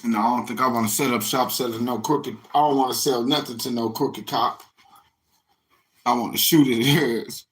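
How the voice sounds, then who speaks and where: A man's voice: medium pitch, fairly even intonation, moderate pace. A man from the United States rambling in a casual monologue, profane and slangy, talking straight to his listeners. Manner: profane, slangy street talk, addressing listeners directly.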